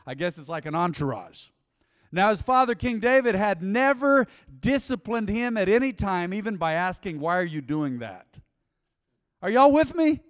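High-voiced preacher in a big hall. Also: male voice, normal speed. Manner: animated, conversational preaching with asides to the congregation. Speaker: pastor. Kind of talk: sermon. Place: large church auditorium.

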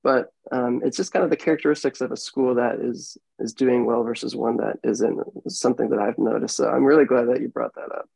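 Young guy hosting a podcast, kinda gravelly and warm, rambles, dry close mic. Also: mid-range voice, fairly even intonation, a little fast, few pauses, no echo, low-quality recording. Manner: rambling, filler-heavy, laughs easily. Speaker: podcast host. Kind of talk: casual interview chat.

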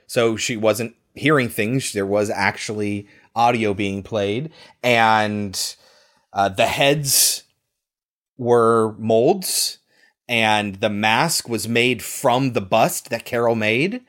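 A man co-hosting a podcast, casually recapping a movie plot in an animated way, swearing now and then. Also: fairly low pitch, slow pace. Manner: animated storytelling, swears, acts out lines. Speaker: podcast co-host.

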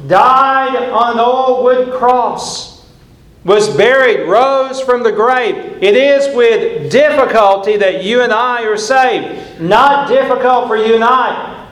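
A man's voice: high-pitched, a bit bright. Earnest older male preacher, echoey church. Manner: earnest, emphatic, repeats key phrases. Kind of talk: sermon. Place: church sanctuary.

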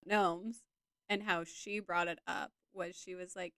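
A woman's voice: fairly low pitch, flat delivery, moderate pace, creaky, no echo. A woman co-hosting a casual podcast, playful and giggly, rambling through her notes. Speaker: podcast co-host. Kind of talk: casual chat.

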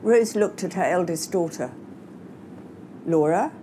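A woman narrating a novel in a composed, expressive reading. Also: mid-range voice, normal speed, noisy background. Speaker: audiobook narrator. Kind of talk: scripted narration.

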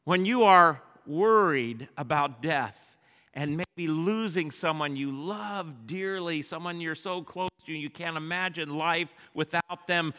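A pastor preaching a sermon, leading his congregation in a repeated refrain. He swings between loud rallying calls and hushed, quiet lines. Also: on the high side, takes it slowly. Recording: echoey church hall.

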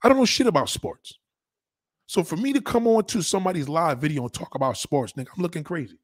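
Speaking fast, a man on a live stream reads viewer comments and mocks one in an angry, profanity-laced rant, repeating himself for emphasis. He's animated, and his pitch jumps up when he turns indignant. The recording is dry, with clean studio sound.

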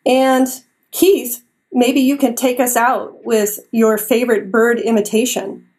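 A woman host speaks with a slightly high voice and gracious, polite phrasing. She reads the program's closing remarks at an even pace. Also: slow pace, background noise.

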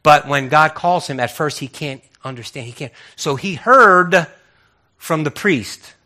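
A man preaching a sermon as a pastor, telling the story with lively acted-out voices and frequent repeated words. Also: medium pitch, moderate pace.

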